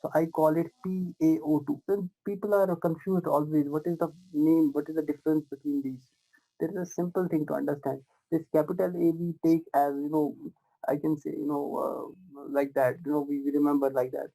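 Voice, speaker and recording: A man's voice: fairly high pitch, little pitch movement, fairly quick, gravelly, poor audio. A man teaching a live online pathology class, asking his students question after question, correcting himself and using many fillers. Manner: repetitive questioning, addresses students warmly as "my dears" and "guys"; frequent fillers and self-corrections.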